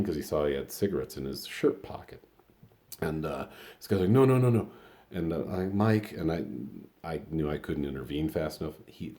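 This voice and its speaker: A middle-aged vlog host from Colorado, with a dark bass voice, tells a story in a casual, rambling way packed with fillers and blunt, profane asides.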